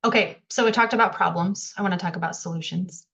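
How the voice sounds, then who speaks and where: A woman's voice: fairly low pitch, fast, gravelly, a bit bright. A woman leading an online workshop over a video call, speaking in a friendly, conversational way with frequent fillers. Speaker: workshop presenter.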